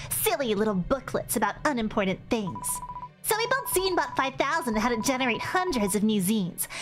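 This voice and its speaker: A woman plays a scheming lady boss from a game, smug and purring with yandere-style menace. The voice sits high and sweet, with game music playing underneath. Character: scheming female corporate boss villain. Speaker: streamer voicing game characters.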